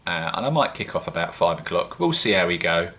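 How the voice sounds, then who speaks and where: A man with a British accent talks to his viewers in a loose, rambling vlog. His voice sits low yet comes across bright and forward, and he pokes fun at himself as he chats. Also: very animated, a little fast. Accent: British English. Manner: chatty, rambling, self-mocking. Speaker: home-brewing vlogger. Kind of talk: casual solo vlog.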